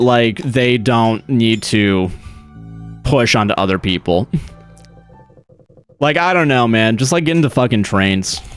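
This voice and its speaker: A young man streams and rambles through casual chat, swearing freely and breaking into laughs. His mid-pitched voice sounds smooth and resonant. Faint music plays under him. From United States. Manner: rambling, profane, laughing often.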